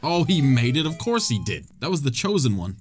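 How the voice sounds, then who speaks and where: A man giving joking, excitable gameplay commentary, often swearing and talking to the game characters. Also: medium pitch, brisk, background noise. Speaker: gaming channel host.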